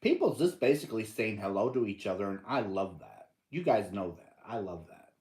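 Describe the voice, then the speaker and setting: With easygoing warmth, an American-accented man runs a casual livestream, calling out viewers by name and reading their comments. His lowish voice is fairly quick and darkish, with big pitch swings, recorded in an echoey room.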